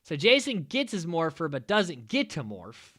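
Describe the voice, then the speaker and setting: A man's voice: a little high, huge pitch swings, moderate pace, fairly bright tone, no echo, studio quality. A man hosting a podcast, recapping an old episode in a rambling, sarcastic way full of "like" and "uh". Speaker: podcast host.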